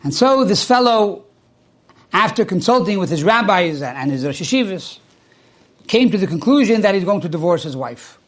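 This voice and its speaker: A man with a high voice for his sex tells a religious story in a sermon. He gets animated and acts out each character's words, rising and falling sharply in pitch. Hebrew and Yiddish religious terms come up often as he speaks. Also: normal speed. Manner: animated, acts out quoted speech with swings in pitch.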